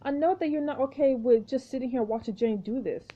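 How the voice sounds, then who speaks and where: A woman's voice: sits high, brisk, mellow, highs cut off. A woman voicing a desperate young protagonist in a story game, pleading urgently and earnestly.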